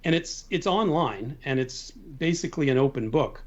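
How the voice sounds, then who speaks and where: A man from Canada, a guest on a live stream, explaining drone exams in a relaxed way with lots of fillers. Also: a little high, normal speed, over a noisy crowd. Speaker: guest, drone exam instructor. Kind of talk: casual chat on a video call. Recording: dull lo-fi remote call audio.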